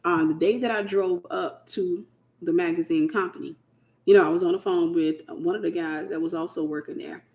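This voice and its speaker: A woman's voice: lowish voice, steady tone, normal speed, darkish tone, highs cut off. A woman from the United States hosting a casual Christian teaching talk, speaking in an emphatic, colloquial way and repeating her key phrases. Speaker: host.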